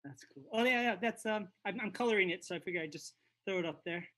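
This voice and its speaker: Higher-voiced man reading chat. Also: expressive, quick pace, fairly bright tone. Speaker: podcast co-host reading chat comments. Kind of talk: casual chat.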